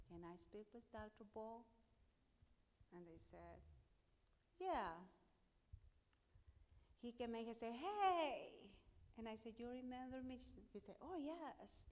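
A woman's voice: mid-range voice, a little mellow. A middle-aged woman pastor with a Spanish accent, telling her testimony in a sermon and acting out the dialogue with emphasis. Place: church sanctuary. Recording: long hall reverb.

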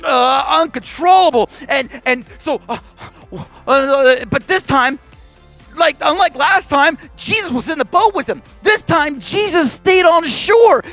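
A man, a children's pastor, telling a Bible story to kids in a playful, animated way and acting out the voices. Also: extremely high pitch. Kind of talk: kids' Bible lesson. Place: church kids' stage.

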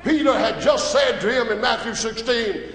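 A male preacher with an unusually high voice delivers a dramatic sermon, shouting one moment and dropping to quiet asides the next. His voice rings through a large, echoing church hall with a long reverb tail. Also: normal speed. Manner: dramatic, emphatic preaching that swings between shouting and hushed asides. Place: church sanctuary.

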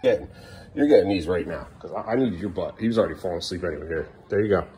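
A man's voice: low-pitched, lively intonation, fast talker, dark tone, a little hiss or hum. A young dad filming a casual home vlog, talking to his kids at bedtime and now and then snapping at them in frustration. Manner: exasperated, scolding in bursts. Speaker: parent vlogger.

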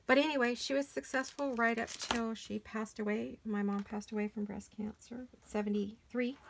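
She is a middle-aged woman hosting a crafting channel, chatting loosely while crafting by hand in her home studio, her medium-pitched voice rough, gravelly and hoarse with a froggy edge. The audio comes from a camera mic placed back from the craft table and carries a faint hiss.

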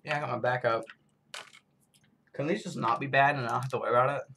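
A man's voice: mid-range voice, fairly even intonation, fast talker, gravelly, pushed and bright, slight background noise. A man from the United States rambling through a casual snack taste-test vlog, full of self-mocking asides. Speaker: vlogger.

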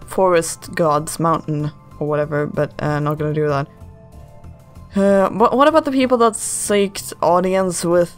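A gamer hosting a let's play, chatting casually, joking and self-mocking while playing. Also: mid-range voice. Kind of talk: casual gameplay commentary. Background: game music.

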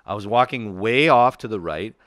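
Man, podcast host, profane animated ranter, lively pitch. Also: normal speed, dry recording, studio quality. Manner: animated ranting, swears a lot, laughs often. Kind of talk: casual profane comedy chat.

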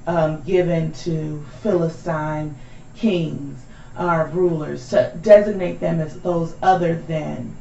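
A woman's voice: low-pitched, fairly even intonation, slow pace, vocal fry, dark tone, roomy sound, highs cut off, a little hiss or hum. A woman taking part in a Bible study group discussion, speaking thoughtfully and passing along comments from others. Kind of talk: group discussion, reading aloud.

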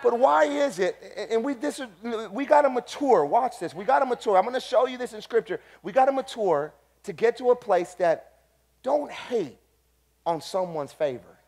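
A pastor preaching a sermon, animated, swinging between quiet asides and loud, shouted points. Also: male voice, very high-pitched, normal speed, creaky.

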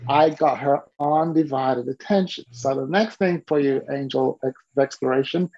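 A business mentor tells a story with a gravelly, husky edge to his voice. He is animated and acts out the people he quotes. The call audio is dull and lo-fi. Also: on the high side. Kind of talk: storytelling to an interviewer.

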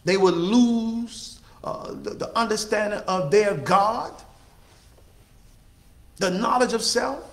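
High-voiced preacher man in an echoey room. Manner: call-and-response preaching, drawn-out emphatic phrases. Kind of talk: sermon.

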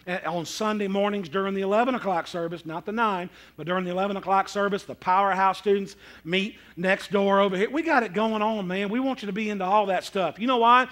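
A man preaching a sermon as pastor, folksy and animated, breaking into sudden shouts and joking asides to the congregation. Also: high voice. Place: church sanctuary.

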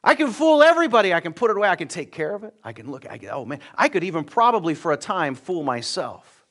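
A middle-aged man from the United States, preaching a sermon in a church, earnest and direct, swinging between loud emphatic peaks and quiet low asides. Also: sing-song, fast talker. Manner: earnest, direct, repeats words when starting a thought. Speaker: pastor.

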